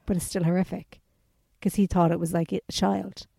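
An Irish woman co-hosting a podcast, telling an animated story in casual chat and acting out the voices of the people in it. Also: on the low side, normal speed, gravelly, no echo. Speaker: podcast co-host.

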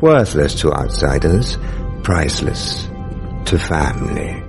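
A super deep cold alien commander, slow and theatrical, spooky music behind. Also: male voice, big pitch swings, gravelly, heavily acted. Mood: menacing. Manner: slow, measured, theatrical delivery. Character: cold calculating alien male military commander. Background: ominous music.

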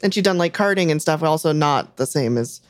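A woman co-hosting a comedy podcast, chatting wryly and asking quick questions. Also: low voice, lively intonation, dry recording. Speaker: podcast co-host. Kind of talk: casual chat.

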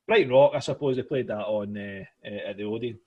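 A man's voice: fairly low pitch, brisk, husky, narrow, tinny audio. A man hosting a casual music podcast, rambling with many fillers and restarts.

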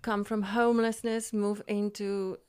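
A woman in casual podcast chat, explaining a point in a measured way. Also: mid-range voice, level tone, a little mellow, clear, resonant tone.

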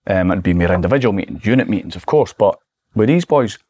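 Acting out his old remarks, a forties-aged Scottish former footballer spins animated tales while guesting on a casual podcast. His voice is low and quick, with no echo.

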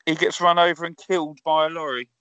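A man co-hosting a casual podcast, reviewing films and telling pun jokes deadpan. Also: on the high side, fast, clean tone, dry recording. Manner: deadpan storytelling, punny jokes. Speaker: podcast co-host, film reviewer.

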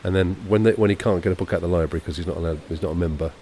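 A man's voice: sits low, racing, mellow, a little hiss or hum. A man from the south of England with a South London accent, co-hosting a walking podcast in a shopping arcade, chatty and wry. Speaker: podcast co-host. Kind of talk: casual walking chat, reading from a novel.

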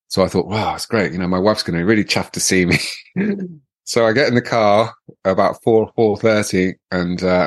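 A middle-aged man, a podcast guest telling an anecdote in a lively way, laughing often and stumbling over restarts. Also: low-pitched, dry recording.

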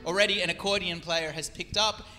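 Guy running a tabletop game, really bright voice, umms a lot, faint music behind. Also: sits high, fairly even intonation, fairly quick, big-room sound. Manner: descriptive, hesitant fillers while narrating. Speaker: game master.

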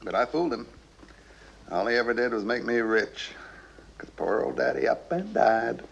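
A man's voice: mid-range voice, lively intonation, moderate pace, gravelly, lo-fi sound, slight background noise. An actor playing a drunk, cowardly rich man who rambles with a bitter, wistful edge. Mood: drunk confiding. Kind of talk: TV drama acting.

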